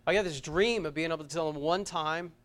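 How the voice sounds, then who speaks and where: A man delivers a sermon at a church service in a slightly high voice. He speaks with earnest conviction, doubling back on his words. He climbs to loud, urgent peaks, then drops to a hushed, close tone. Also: fairly quick. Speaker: pastor.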